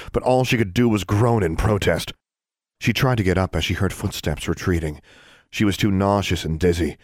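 Deep-voiced man reading a story. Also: no room sound. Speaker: audiobook narrator. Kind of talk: scripted narration.

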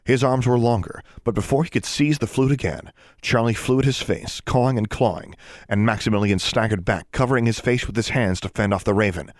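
A man reading a fantasy novel aloud in a steady, measured storytelling manner. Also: medium pitch, dry recording, studio quality. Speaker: narrator. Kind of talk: audiobook narration.

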